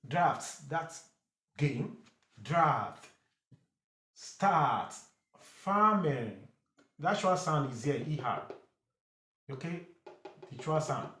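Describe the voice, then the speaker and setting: A man's voice: a little high, fairly bright tone. A man teaching English vowel sounds, saying each word over and over with short explanations in between. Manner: repeats words slowly, drilling pronunciation. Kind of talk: phonics lesson. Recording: echoey room.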